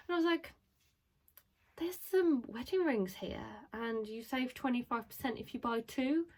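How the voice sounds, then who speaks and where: A woman, talking to the camera in a casual, chatty vlog. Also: mid-range voice. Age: 20s. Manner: chatty and bubbly, lots of "like" and "so". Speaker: vlogger.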